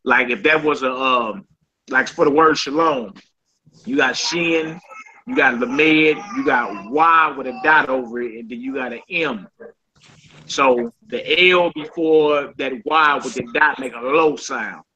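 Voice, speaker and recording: A man's voice: medium pitch, a little slow, pushed and bright, lo-fi sound. A man teaching a Hebrew class in an informal, conversational way, often checking in with his students. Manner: informal, repeats "you know what I'm saying".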